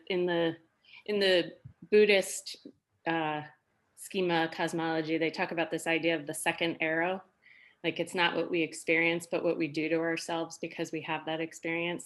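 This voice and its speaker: A woman's voice: fairly low pitch, a bit bright. A woman sharing her reflections with a group in an earnest, thoughtful way. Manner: earnest, reflective, many fillers. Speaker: workshop participant.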